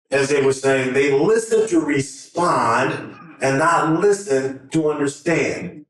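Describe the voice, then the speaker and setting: A middle-aged man giving an emotional, earnest talk to a conference audience, nervous and often restarting his sentences. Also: a little high. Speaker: conference speaker. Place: large conference hall. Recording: echoey hall from far off.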